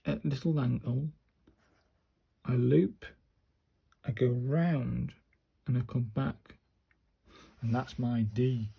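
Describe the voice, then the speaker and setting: Slow, husky man muttering instructions. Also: medium pitch, mellow. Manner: slow, muttering step-by-step to himself and viewers. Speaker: handwriting practice vlogger. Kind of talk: casual narrated handwriting practice.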